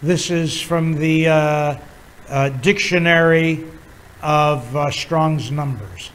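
Slow-talking guy preaching a bible lesson, lots of uh pauses, bit of hiss behind. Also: on the high side, fairly bright tone, poor audio. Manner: halting, many filler pauses, chuckles while teaching. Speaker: pastor. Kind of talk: Bible teaching sermon.

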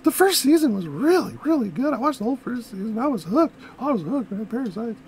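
A music video reactor in casual commentary, rambling and excitable and talking straight to viewers, whose voice sounds a little off after a recent illness. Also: medium pitch, quick pace, slight background noise, rough recording. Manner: frequent self-corrections and asides.

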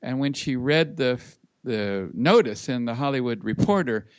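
A man's voice: medium pitch, moderate pace, dry recording, dull audio. A man with a mid-range voice tells anecdotes at an easy pace over a video call. The audio is dry and close. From Los Angeles. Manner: relaxed anecdotal storyteller. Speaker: guest, public speaker. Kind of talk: casual interview, storytelling.

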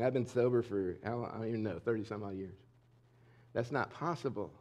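A middle-aged male pastor preaching a sermon in a candid, conversational way, swinging between emphatic and hushed lines. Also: lowish voice, brisk. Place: church sanctuary.

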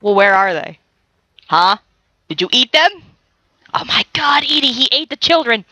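A woman's voice: on the high side, animated, normal speed, bright, forceful tone, no room sound. Giggly young woman gaming commentator. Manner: giggly, teasing, breaks into laughter. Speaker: gaming YouTuber. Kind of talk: let's play commentary.

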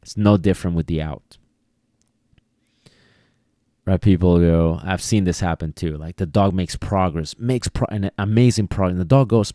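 A man delivers a solo podcast lesson on dog training in a casual, repetitive style, acting out bits of dialogue along the way. He speaks at normal speed in a low, warm voice, captured with clean studio sound and no echo.

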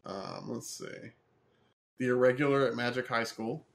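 A man's voice: medium pitch, moderate pace, gravelly, slight background noise. A man co-hosting a casual podcast chat, reading through a friend's ratings and teasing him with questions. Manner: teasing, quizzing others with dry questions. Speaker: podcast co-host.

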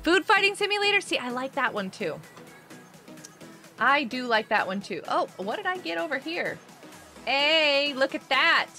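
A woman hosting a casual gameplay live stream. She chats with viewers, greets them by name and breaks into excited outbursts. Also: high-pitched, normal speed, soft background music.

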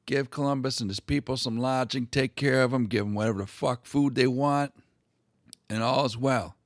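A man's voice: medium pitch, steady tone, moderate pace, dry recording, studio quality, lightly acted. A man voicing a crude, eager male king who barks out profane orders.

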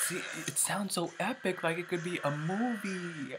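A young man reacting excitedly to a music video, gushing and exclaiming as he goes. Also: fairly high pitch, moderate pace, hardly any pauses, noisy background. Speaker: YouTube reaction vlogger.

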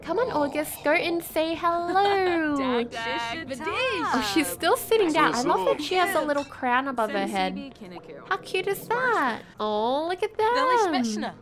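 A high-pitched woman chats her way through a life-sim game, gushing and giggling at every little thing. She talks at a leisurely, drawn-out pace, with soft background music playing faintly beneath her. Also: very animated. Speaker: let's play host. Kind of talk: casual gameplay commentary.

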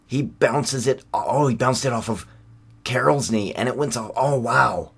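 A man giving excitable, sarcastic commentary over a basketball video game, yelping at big plays. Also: mid-range voice, unhurried, gravelly, husky. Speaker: gaming channel host. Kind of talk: gameplay commentary.

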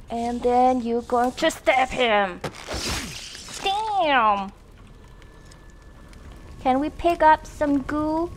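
A woman's voice: high voice, lively intonation, very slow, long pauses, slight background noise. A young woman casually commenting on a horror video game she is playing, chatty and self-mocking, laughing often. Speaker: gaming channel host. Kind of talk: casual let's-play commentary.

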